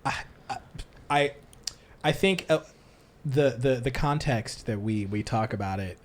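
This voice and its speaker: A man's voice: mid-range voice, a little slow. Male podcast host, casual and rambling, full of restarts. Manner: rambling, many restarts, animated impressions. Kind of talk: casual chat. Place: church.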